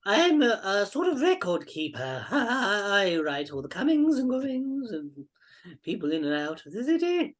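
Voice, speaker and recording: A woman voicing a hunched, bald old male record keeper who bursts into high excited exclamations. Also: unhurried. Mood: proud.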